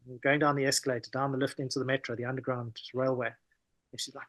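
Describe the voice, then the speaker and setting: Brief: South African man, casual storyteller, dry close sound, mid pitch. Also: fast, no echo. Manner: animated, peppers talk with "man" and "you know". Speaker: podcast guest.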